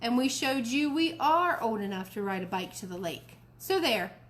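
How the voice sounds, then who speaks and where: A woman doing a cheeky little storybook boy who pouts and whines when he doesn't get his way. His voice sits high above the reader's own. A faint hiss runs underneath. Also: lively intonation, moderate pace, lightly acted.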